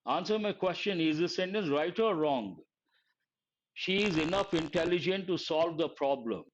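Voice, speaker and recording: A man teaching grammar in a live online lesson, quizzing his students and repeating key phrases slowly. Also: fairly high pitch, expressive, a little hiss or hum. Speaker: English vocabulary teacher. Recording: dull lo-fi stream audio.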